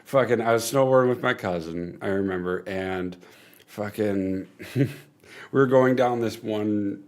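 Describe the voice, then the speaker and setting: A man's voice: lowish voice, measured pace. A man who is a guest on a livestream, talking in a laid-back, casual way and swearing a lot. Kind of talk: casual chat.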